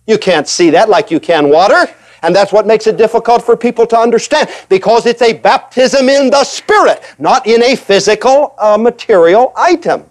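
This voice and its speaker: A man preaching a sermon in an animated way, acting out the voices of reluctant believers and repeating points for emphasis. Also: high voice, normal speed. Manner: emphatic repetition.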